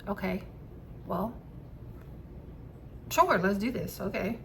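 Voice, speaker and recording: A woman telling a personal story to camera in a casual vlog, candid and quick to swear and laugh. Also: medium pitch, animated, creaky, slight background noise. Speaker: vlogger.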